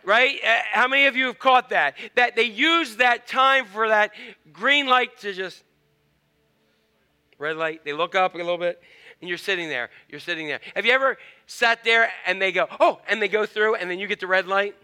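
A man's voice: high voice, normal speed, clear, resonant tone. A male pastor, preaching a playful, conversational sermon and acting out honks and quoted voices. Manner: animated, playful, acts out honking and quoted voices. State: tired.

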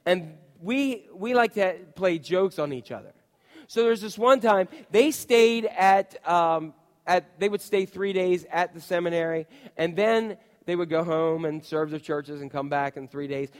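A man preaching with a fairly high voice, telling stories and often asking the congregation questions. His words ring out with a long reverb from a large sanctuary. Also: unhurried. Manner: storytelling, asks the congregation questions. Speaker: pastor. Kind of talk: sermon with personal stories.

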